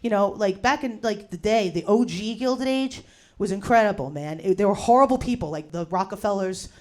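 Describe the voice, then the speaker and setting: A woman in her forties doing a stand-up set in a bar, ranting loudly and profanely with slangy fillers. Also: medium pitch, brisk. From New Jersey. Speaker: stand-up comedian. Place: bar in front of a live audience. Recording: live crowd laughing in a bar. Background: audience laughter.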